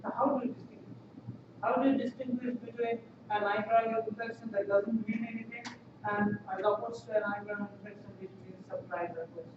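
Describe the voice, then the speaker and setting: A man with a fairly high voice lectures a class, working through each idea slowly and repeating himself with frequent fillers. He is recorded from across a reverberant classroom on a dull, noisy mic. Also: fairly even intonation. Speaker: university lecturer. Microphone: laptop webcam from far off. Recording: echoey room, distant lo-fi mic, noisy.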